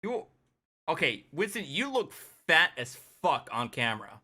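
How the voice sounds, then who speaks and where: Tipsy streamer guy, bright sharp voice, bit high, swears a lot, laughs. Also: normal speed. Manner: laughing, profane, excitable. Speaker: streamer hosting a review show. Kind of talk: casual reaction commentary.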